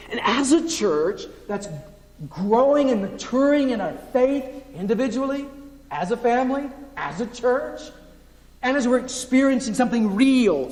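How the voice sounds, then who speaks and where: A man with a Southern US accent preaching a conversational sermon as pastor, acting out the voices of churchgoers. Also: high voice. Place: church sanctuary. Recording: long reverb of a church hall, local TV broadcast.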